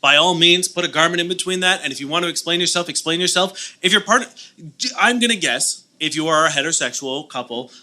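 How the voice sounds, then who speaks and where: A man co-hosts a live podcast show, rambling through jokes and advice with frequent restarts. His voice is bright and forceful, pitched slightly high, and his delivery stays loose and conversational. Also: fast talker. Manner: rambling, joking, many restarts. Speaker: podcast co-host. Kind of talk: casual comedic chat. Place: live show venue on stage.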